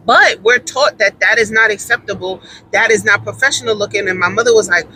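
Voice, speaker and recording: A woman's voice: medium pitch, fairly quick, sharp tone, slight background noise, rough recording. A woman telling a story in a casual monologue, emphatic and repeating her points for stress.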